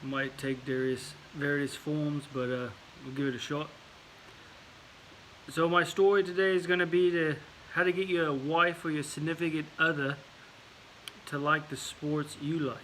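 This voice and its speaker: A man tells a rambling vlog story, attempting an English accent throughout. His voice is bright and slightly high for a man. He repeats words and leans on fillers as he goes. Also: flat delivery, a little slow, slight background noise, poor audio. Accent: put-on English accent. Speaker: vlogger. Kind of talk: casual storytelling monologue.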